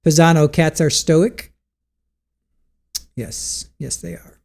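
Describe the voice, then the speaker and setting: A man's voice: fairly high pitch, takes it slowly, vocal fry, a little mellow. A man hosting a livestream from home, chatting casually, reading out viewer comments and laughing often. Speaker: livestream host. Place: home room with cats.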